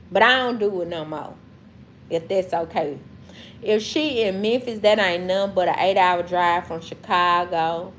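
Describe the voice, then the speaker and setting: A woman's voice: mid-range voice, a little hiss or hum. A woman from Mississippi with a Southern accent, talking casually and emphatically to her livestream chat, repeating herself for effect. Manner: preachy, repetitive, emphatic. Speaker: livestream host.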